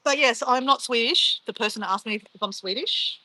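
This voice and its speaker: A middle-aged Australian woman hosting a casual livestream, reading out viewers' comments in a chatty, upbeat way. Her voice is bright and a little higher than most, and her Australian accent is clear. She answers the chat easily and brushes things off. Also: normal speed, dry recording, low-quality recording.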